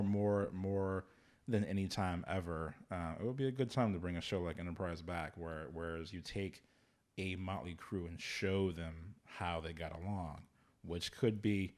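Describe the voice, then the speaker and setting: A man co-hosting a podcast in casual chat, animated and sarcastic, swearing freely. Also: low voice. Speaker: podcast co-host.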